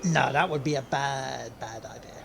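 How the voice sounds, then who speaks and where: A man's voice: medium pitch, moderate pace, gravelly, a bit bright, a little hiss or hum. A man streaming a racing game who makes jokes while he drives. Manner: joking, distracted while driving. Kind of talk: casual live-stream chat.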